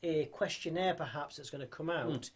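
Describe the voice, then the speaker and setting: Male co-host, slightly high voice, jokey banter. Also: normal speed, crowd noise. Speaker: co-host of a livestream. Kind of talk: casual chat.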